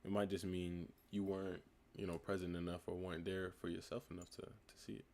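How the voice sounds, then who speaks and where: Laid-back young man with a gravelly low voice. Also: a little fast. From United States. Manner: relaxed, reading chat comments aloud and answering them. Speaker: livestream host. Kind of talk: casual live-stream chat answering comments.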